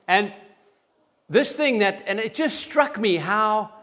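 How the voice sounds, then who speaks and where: A man's voice: high voice, lively intonation, slow, a bit bright. A man preaching a sermon in church and giving announcements, talking conversationally with frequent restarts. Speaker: pastor.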